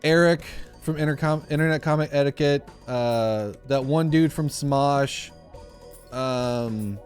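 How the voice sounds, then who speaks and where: A man's voice: medium pitch, slow pace, a little mellow, clean tone, soft background music. A young man chatting casually on a live stream while gaming, rambling through a story with lots of fillers and restarts.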